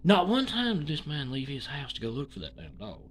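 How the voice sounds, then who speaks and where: A YouTuber, rambling through an indignant opinion commentary and swinging between loud and hushed talk. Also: mid-range voice, huge pitch swings, fairly quick, slight background noise.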